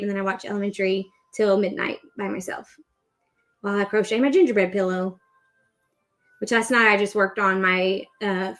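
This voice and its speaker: A woman in her thirties hosting a crochet livestream, chatting in a rambling, upbeat way while she works. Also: medium pitch. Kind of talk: casual chat while crocheting.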